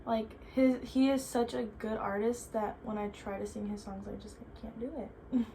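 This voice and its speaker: A woman's voice: fairly high pitch, level tone, moderate pace, vocal fry, dark tone, a little hiss or hum. A young woman answering viewer questions in casual chat, chatty and full of "like" fillers. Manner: chatty, filler-heavy with frequent "like".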